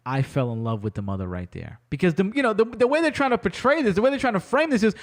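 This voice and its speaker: A man's voice: high-pitched, sing-song, fast. A young man hosting a podcast, animatedly retelling a movie in casual chat and acting out the characters' lines. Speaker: podcast host.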